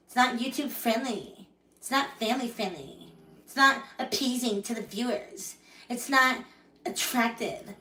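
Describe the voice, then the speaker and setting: A woman's voice: medium pitch, bright, forceful tone, recorded from a distance. Woman ranting with heavy swearing, echoey room. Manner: profane, heated, rambling. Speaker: livestreamer. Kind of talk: angry live-stream rant. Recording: roomy echo, voice off-mic.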